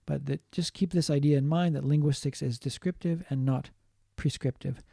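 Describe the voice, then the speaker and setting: Male lecturer, mellow tone, patient and repetitive delivery, dry close sound. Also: a little high, fairly even intonation, vocal fry, no room sound. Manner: explains slowly, repeating points and adding Japanese glosses. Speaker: linguistics teacher. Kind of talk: online lecture.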